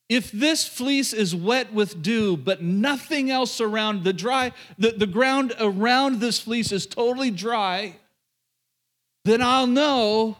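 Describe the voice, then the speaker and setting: A nervous, cautious biblical man , as a male preacher puts him on, who talks in a halting, unsure way. His voice sits fairly high and keeps backing off into second thoughts. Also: fairly bright tone.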